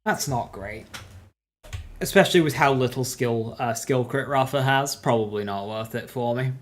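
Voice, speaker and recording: A man's voice: medium pitch, normal speed. A man streaming a game, thinking aloud about his build and greeting his chat viewers by name. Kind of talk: casual live-stream commentary.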